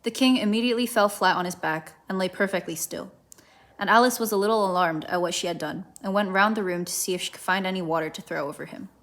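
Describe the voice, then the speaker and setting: A woman's voice: medium pitch, fast, a bit bright. Woman reading a children's storybook. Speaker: volunteer reader. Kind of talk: reading a children's book aloud.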